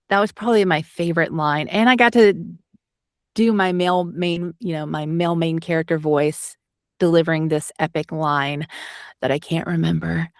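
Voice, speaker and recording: A woman's voice: low-pitched, no room sound, studio quality. A woman from Alabama with a light, toned-down Southern accent, chatting in an interview as an audiobook narrator, rambling with lots of fillers. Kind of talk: casual interview.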